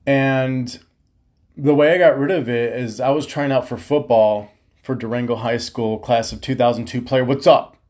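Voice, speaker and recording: Profane, animated man telling stories. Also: medium pitch, moderate pace. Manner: profane, animated, slangy storytelling. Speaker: podcast host. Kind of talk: casual storytelling monologue.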